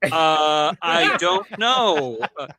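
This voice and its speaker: A man voicing an exasperated, blustering male starship captain, shouting and scolding in slang. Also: fairly high pitch, animated, very slow, no echo, exaggerated voice. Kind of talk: improvised comic bit on a podcast.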